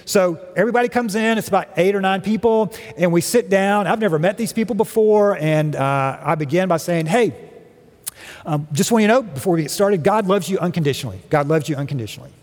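A man's voice: sits high, fairly quick, darkish tone. Reverberant storytelling sermon from a man. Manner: conversational storytelling with humor. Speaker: guest speaker. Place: church sanctuary. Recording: long reverb of a large hall.

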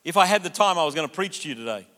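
A man's voice: fairly high pitch, racing. A man preaching a sermon, telling a story and acting out the voices in it. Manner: animated, acts out quoted voices. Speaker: pastor. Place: church auditorium. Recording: long reverb of a church hall.

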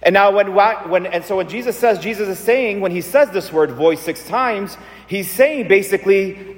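A man preaching a sermon in a conversational, animated way, asking his listeners questions. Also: high voice, moderate pace. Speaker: priest. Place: church. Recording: long church reverb.

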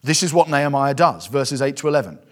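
A male preacher giving a sermon with passion, swinging from hushed, reflective stretches to loud, fervent appeals. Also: medium pitch, animated, quick pace.

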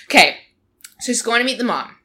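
A woman hosting a podcast, recapping a reality show in an animated, chatty way, laughing often and using lots of fillers. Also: a little high, fairly quick. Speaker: podcast host.

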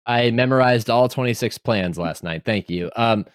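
A man's voice: medium pitch, normal speed, clean tone. A man with a Midwestern American accent hosting a sports podcast, playfully steering each segment. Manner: playful, moves the talk along. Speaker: podcast host leading segments. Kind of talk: casual sports chat.

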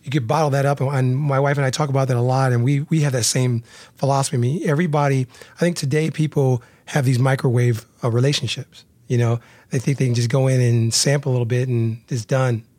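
A man's voice: mid-range voice, steady tone, fast talker, darkish tone, no room sound. A man hosting a podcast interview, talking earnestly and repeating words as he restarts. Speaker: podcast host. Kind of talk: casual interview talk.

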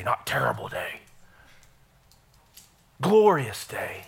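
A middle-aged man preaches in a church with a voice that sits high for a man. His tone is bright and ringing, and he keeps the energy up, calling out to the congregation as he goes. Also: expressive, moderate pace, pauses often. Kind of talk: sermon. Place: church sanctuary.

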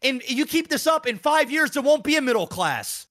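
High-pitched man ranting, bright voice. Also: sing-song, normal speed. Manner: heated, profane, emphatic ranting. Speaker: podcast co-host. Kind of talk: casual ranting chat.

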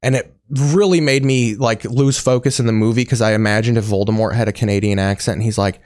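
A man's voice: lowish voice, steady tone, a little fast, hardly any pauses, a little mellow, no echo. A man riffing as a comedy host in a crude, sarcastic tone, dropping swears freely. His voice is dry and close, with no room sound around it. The delivery is loose and mocking.

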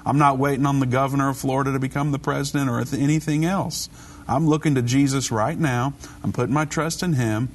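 A man hosting a Christian call-in radio show, talking briskly and conversationally while preaching to callers. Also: mid-range voice, steady tone.

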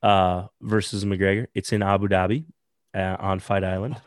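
A man's voice: sits low, level tone, moderate pace, dry recording, clean studio sound. A man co-hosting a casual podcast chat, rambling with lots of fillers. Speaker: podcast co-host.

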